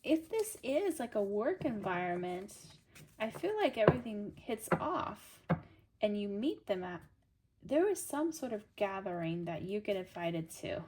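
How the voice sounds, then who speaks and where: A woman's voice: medium pitch, sing-song, unhurried, a little mellow, a little hiss or hum. A woman giving a casual tarot reading. She reads card meanings aloud and then riffs on them, chatting straight to the viewer in an upbeat, coaxing way. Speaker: tarot reader.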